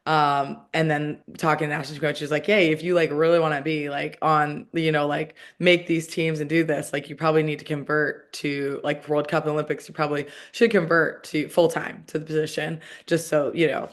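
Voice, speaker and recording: A woman in her thirties speaks as a guest in a relaxed interview. Her speech is chatty and loose, full of "like" and half-finished phrases that she starts over. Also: sits low, a little fast, hardly any pauses. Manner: chatty, heavy use of "like", frequent restarts. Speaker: guest, professional soccer player. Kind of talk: casual interview conversation.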